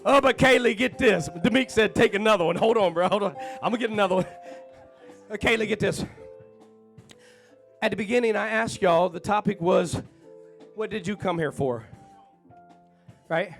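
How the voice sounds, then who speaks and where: Male preacher: very high, gravelly voice; folksy church sermon with shouted refrains, faint music underneath. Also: moderate pace, pauses often. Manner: fervent, climbing to shouted repeated refrains; folksy, chatty asides to the congregation.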